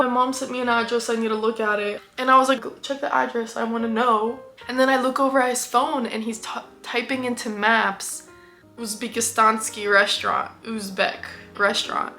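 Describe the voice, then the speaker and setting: A woman's voice: on the high side, fairly quick, bright, forceful tone, faint music behind. A young woman vlogger telling a story in a casual, chatty way, saying "like" often and acting out her own quotes. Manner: chatty, says "like" a lot, quoting herself.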